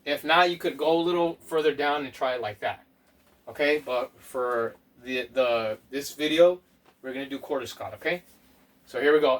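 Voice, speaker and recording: A man leading a home workout as a fitness instructor, counting reps aloud and giving slow, step-by-step tips. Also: medium pitch. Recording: voice from a distance off the mic.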